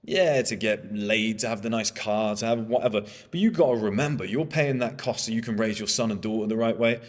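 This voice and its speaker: A man's voice: fairly low pitch, fairly quick, long reverb tail. A man in his thirties giving a candid motivational monologue, blunt and swearing freely. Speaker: motivational speaker.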